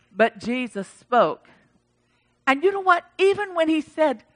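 A woman pastor preaching a fervent sermon, her voice bright and forceful and pitched a little high. She swings from loud exclamations to soft, pleading invitations as she calls people forward. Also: lively intonation, a little slow. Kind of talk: sermon with altar call.

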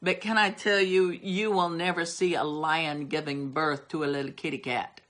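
A woman's voice: deep voice, flat delivery, moderate pace, fairly bright tone. An older woman preaching a sermon, emphatic and repetitive as she drives her points home. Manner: emphatic, repeats words for stress.

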